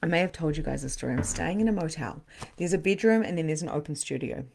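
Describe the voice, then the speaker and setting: A woman hosts a live spiritual session and talks through her own stories with the audience. Her pitch swoops widely and she throws in laughs and the odd curse word. In sadder stretches she drops to a quieter, subdued tone. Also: fast talker, vocal fry, a little hiss or hum. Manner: animated, laughs often, swears for emphasis, acts out scenes; turns quiet and subdued when speaking of loss. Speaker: spiritual coach hosting a live online session. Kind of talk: casual storytelling to a live audience.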